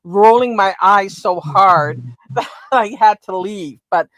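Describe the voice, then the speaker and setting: A woman's voice: mid-range voice, takes it slowly, a bit bright, no echo, poor audio. A woman co-hosting a casual livestream chat, making playful teasing asides. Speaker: livestream co-host.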